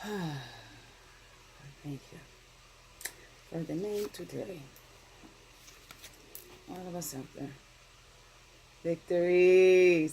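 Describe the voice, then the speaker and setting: A middle-aged woman gives a casual daily spiritual card reading in a low-pitched, creaky voice, with background noise present. She talks gently and meanderingly, often asking "right?"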